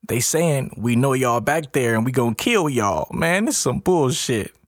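A man's voice: medium pitch, expressive, unhurried, dry recording, clean studio sound, pitched above the performer's own voice, lightly acted. A man voicing a frightened young man who keeps complaining in slang. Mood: whining.

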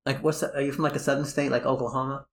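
A man's voice: medium pitch, flat delivery, very fast. A podcast host with a New York accent, chatting casually, rambling and joking as he keeps correcting himself. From New Jersey, US.

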